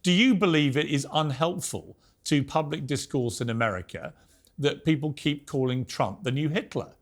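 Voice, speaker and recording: A British talk show host moderating a debate, cutting in firmly to put his questions to the guests. His voice sits a little higher than most men's. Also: normal speed. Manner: firm, interjecting.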